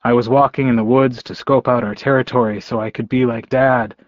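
A man voicing an excited, eager young werewolf boy who pelts out breathless questions in a raised voice. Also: medium pitch, fairly quick, no echo, highs cut off, close to an everyday voice. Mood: gushing.

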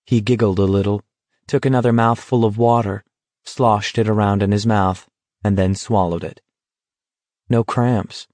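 A man reading a novel aloud in a measured, even storytelling manner. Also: fairly low pitch, no echo. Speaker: narrator. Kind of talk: audiobook narration.

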